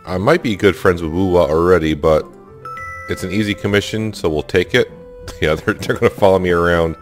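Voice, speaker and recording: A man's voice: sits low, a little fast, soft background music. A man casually commenting as he plays a game, reading the game's dialogue aloud with goofy exclamations. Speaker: gaming YouTuber. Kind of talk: casual let's-play commentary.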